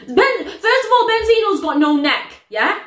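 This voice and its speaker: A woman reacting to a song, exclaiming often and pausing to repeat and explain the lyrics. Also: extremely high pitch, sing-song, fairly bright tone. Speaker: music reaction vlogger. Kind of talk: reacting to a song, casual commentary. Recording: echoey room.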